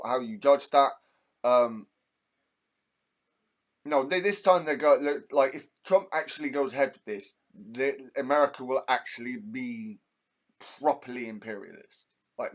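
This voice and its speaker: An English man hosting a heated, profane ranting monologue. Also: mid-range voice. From England. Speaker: host.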